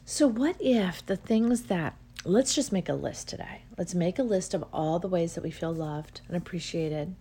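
A woman's voice: lowish voice, lively intonation, normal speed, few pauses, mellow, slight background noise. A middle-aged woman hosting a solo podcast, talking in a gushing, effusive, rambling way. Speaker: podcast host. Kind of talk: casual solo podcast monologue.

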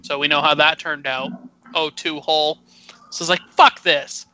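A man ranting on a casual podcast, brash and full of swearing. His voice is very bright and sharp-edged. A faint hiss sits under the audio. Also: on the high side, level tone, a little fast, dull audio. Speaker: podcast co-host. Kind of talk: casual chat.

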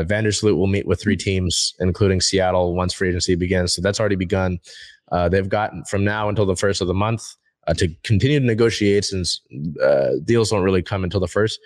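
A man's voice: low voice, dry recording. A young man hosting a casual sports talk show, rambling with lots of fillers and restarts.

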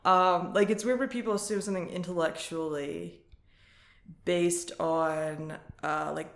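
A woman's voice: fairly low pitch, fairly even intonation, unhurried, roomy sound. A woman co-hosting a casual podcast, recapping a reality show, talking frankly and swearing freely. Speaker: podcast co-host.

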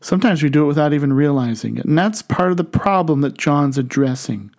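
A man preaching a sermon, reading scripture in a measured, deliberate way. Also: on the high side, darkish tone. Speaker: pastor.

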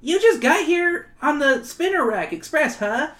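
A woman's voice: high voice, very animated, measured pace, fairly bright tone, voice pushed up, full character voice. A woman voicing a whiny schoolboy who is stuck inside a comic book, read aloud on a comedy podcast. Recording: echoey room.

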